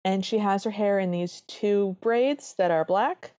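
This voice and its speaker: A female podcast co-host chats earnestly while reviewing an old cartoon. Her voice is medium-pitched and mellow, a little slow, recorded at studio quality with no room sound.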